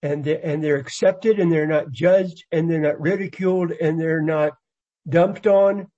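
A man's voice: on the high side, steady tone, unhurried, warm tone, lo-fi sound. A man sharing in a group discussion, speaking earnestly and repeating his phrases. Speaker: group member.

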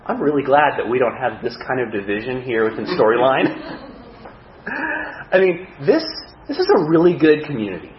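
A man preaching a sermon as a pastor, animated, with self-mocking humor. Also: a little high, roomy sound, highs cut off, a little hiss or hum.

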